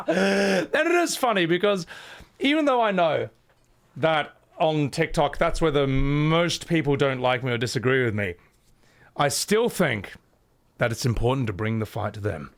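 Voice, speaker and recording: A man's voice: on the high side, lively intonation, a little slow, fairly bright tone. A man in his thirties chatting casually and animatedly on a live game stream, laughing often. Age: 30s.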